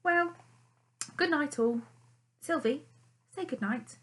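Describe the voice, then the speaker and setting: A woman's voice: sits high, takes it slowly, fairly bright tone, voice pushed up. A woman reading an audiobook and voicing a proud, ungrateful male fox who talks in a haughty, cross way. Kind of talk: audiobook character voice.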